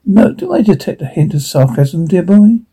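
A man reading the part of an elderly, eccentric time traveller who lectures in a fussy, condescending way, with a husky voice. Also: high-pitched, big pitch swings, normal speed, mellow, voice pushed up, full character voice, poor audio. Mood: lecturing.

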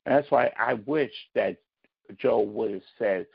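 A man, a podcast guest, giving measured political opinions with sarcastic asides, on dull lo-fi audio. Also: mid-range voice, creaky, husky, no room sound. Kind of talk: casual political discussion.

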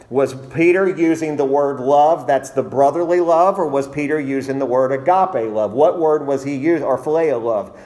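A man's voice: on the high side, darkish tone. A male pastor preaching a sermon, reading scripture aloud and then expounding it with rising emphasis.

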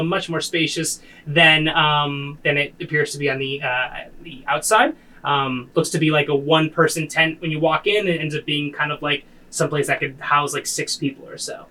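A man's voice: on the high side, steady tone, moderate pace, bright, forceful tone, rough recording. A man narrating a tabletop game as game master, casual and loose with many fillers.

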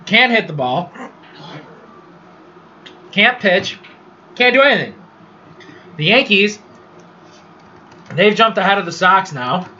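A man's voice: high-pitched, animated, takes it slowly, long pauses, pushed and bright, a little hiss or hum. A man hosting a casual solo sports podcast, rambling and swearing through his picks and opinions. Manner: profane, rambling sports rant. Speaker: podcast host. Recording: dull lo-fi recording.

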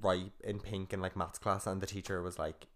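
A man's voice: sits low, flat delivery, normal speed. A young man, co-hosting a podcast in casual, teasing banter. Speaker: podcast co-host. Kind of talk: casual chat.

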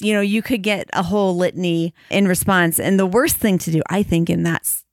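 Thoughtful woman with a lowish voice. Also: steady tone, no echo, studio quality. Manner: thoughtful, measured, slows down to spell out examples. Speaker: podcast co-host. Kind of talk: casual conversation about marriage and faith.

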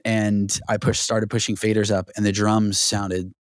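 A man telling a studio story as an interview guest, animated and full of restarts and fillers. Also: lowish voice, a little slow, dry recording. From Southern California. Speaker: guest, record producer.

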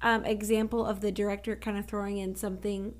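A woman with an American accent co-hosting a casual film podcast, lively and quick to laugh. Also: medium pitch. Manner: lively, laughs easily, jokey. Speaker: podcast co-host.

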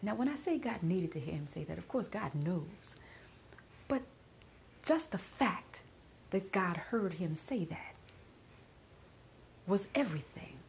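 A middle-aged woman podcaster giving a personal spoken reflection while grieving, often dropping to a soft whisper. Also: medium pitch, animated, a little slow, creaky, pauses often, a little hiss or hum.

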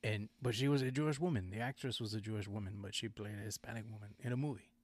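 This podcast host talks at a quick clip in a fairly low voice. His casual chat rambles and digresses, and he often corrects himself mid-sentence.

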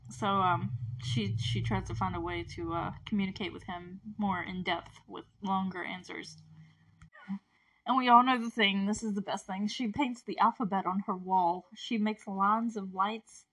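A woman's voice: medium pitch, fairly even intonation, normal speed, fairly bright tone. A woman giving a casual, chatty recap of a TV episode, gushing and rambling with fillers and frequent laughter.

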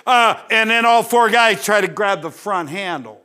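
A man's voice: high-pitched, moderate pace, sharp tone, clear, resonant tone. A man preaching a sermon, folksy and joking, often restarting his sentences. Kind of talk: sermon with live illustration.

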